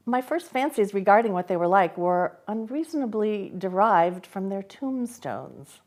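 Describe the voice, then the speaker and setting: A woman reading a classic novel aloud, telling the story with unhurried expression. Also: mid-range voice. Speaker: volunteer reader.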